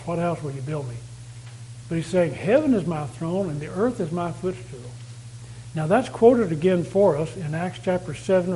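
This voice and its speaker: A man's voice: sits high, a little hiss or hum, low-quality recording. A man preaching a sermon, reading scripture aloud and repeating key phrases for emphasis. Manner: reads verses aloud louder and more declaiming.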